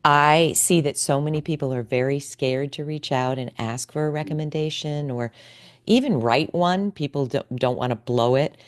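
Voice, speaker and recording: A woman's voice: low-pitched, normal speed. A middle-aged woman hosting a podcast interview, effusive and emotional as she chats with her guest. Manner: warm, effusive, emotional responses. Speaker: podcast host. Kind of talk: casual interview chat.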